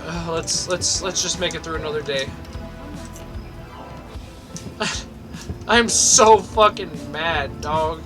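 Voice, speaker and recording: Young male gamer host, ranting and cursing for laughs, high bright voice, game music faint underneath. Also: unhurried. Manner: ranting, sweary, mock-angry. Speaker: gaming video host. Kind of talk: let's play commentary.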